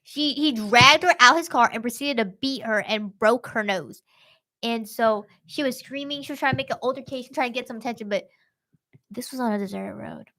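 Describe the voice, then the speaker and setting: A young woman hosts a true-crime podcast, retelling the case in a loose, slangy, animated way. Her voice sits fairly high, and she drops into quick impressions of the people she describes. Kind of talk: casual podcast chat.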